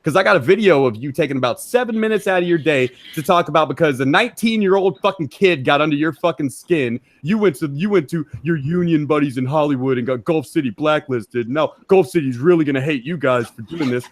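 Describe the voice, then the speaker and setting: A man's voice: a little high, lively intonation, brisk, few pauses, no room sound. A man hosting a livestream, angrily taunting someone in a heavily profane rant. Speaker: stream host.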